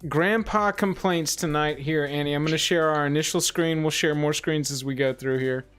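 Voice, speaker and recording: A man's voice: fairly high pitch, fairly even intonation, moderate pace, a bit bright, clean tone, soft background music. A man co-hosting a casual livestream, talking someone through an audio setup and hyping up the show with joking, announcer-style flourishes. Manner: playful, joking, announcer-like hype. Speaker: livestream co-host.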